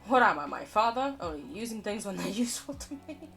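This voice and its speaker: Lively, rambling woman game streamer. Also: mid-range voice, quick pace, soft background music. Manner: rambling, self-mocking, laughs often, swears casually. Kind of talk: casual live-stream chatter while playing.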